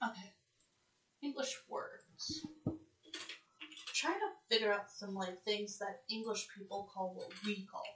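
Slow-talking American woman in echoey room. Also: mid-range voice, fairly bright tone. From United States. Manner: thinks aloud, easily surprised, reads results aloud haltingly. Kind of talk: casual vlog reading search results aloud.

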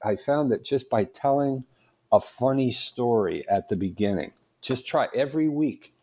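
A man voicing a confident older male bishop in a joke, telling it in a relaxed, chuckling way. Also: mid-range voice, normal speed, husky, close to an everyday voice. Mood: amused.

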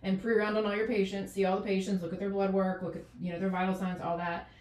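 A doctor in her forties, guesting on an interview, chats casually in loose, rambling runs packed with fillers and restarts. Her medium-pitched, darkish voice is flat and quick. She sits far from the mic in an echoey room.

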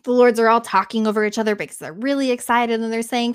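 A woman's voice: on the high side, fairly even intonation, fast, hardly any pauses, clear, resonant tone. A woman retelling an old myth in a casual, chatty way, with laughing asides. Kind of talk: casual storytelling.

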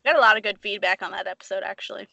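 A woman's voice: mid-range voice, vocal fry, sharp tone, no room sound. A woman co-hosting a podcast from home, chatting and joking with friends in a casual, riffing way. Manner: chatty, jokey, quick to riff. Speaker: podcast co-host. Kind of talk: casual chat. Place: at home, apart from co-hosts.

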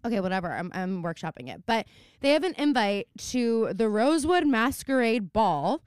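Lively, playful young woman co-host. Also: fairly high pitch, moderate pace, smooth, no echo, studio quality. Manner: animated, playfully dramatic, slips into mock voices. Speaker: podcast co-host. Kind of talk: casual chat recapping a TV show.

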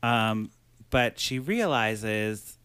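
A man with a bright, crisp voice recaps a movie plot in loose, chatty fashion. He talks animatedly and keeps dropping into quick impressions of the characters. The sound is dry and close. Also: fairly low pitch, no room sound. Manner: animated, breaks into quoted voices while retelling. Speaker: podcast host recapping a film. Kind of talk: casual chat.

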